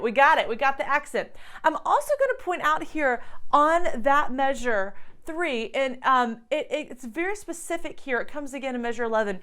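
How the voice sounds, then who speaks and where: High-voiced woman teaching piano. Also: fairly bright tone. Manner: encouraging, explains step by step. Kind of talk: piano tutorial. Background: piano playing.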